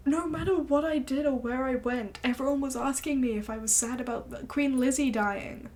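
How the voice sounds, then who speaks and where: A young female streamer chats casually as she tells a story, acting out what people said with lots of energy and plenty of swearing. Her voice sits high and she talks at a normal speed.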